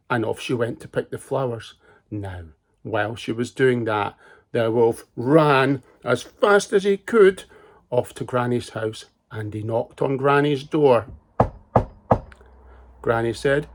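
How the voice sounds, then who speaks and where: A man reading a fairy tale aloud to children in a gentle, expressive way. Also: medium pitch, a little slow. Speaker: storyteller.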